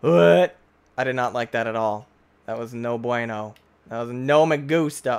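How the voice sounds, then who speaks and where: A young man giving playful, excitable commentary on a Minecraft let's play, talking to the animals in the game. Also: mid-range voice, normal speed, clean tone. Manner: goofy, excitable, talks to animals. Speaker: gaming YouTuber.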